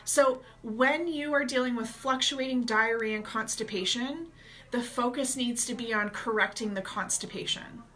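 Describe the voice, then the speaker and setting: A woman gut health coach gives advice directly to her viewers in a casual vlog. Her voice sits a little high and sounds bright and forceful. She keeps an energetic, chatty manner throughout. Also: normal speed.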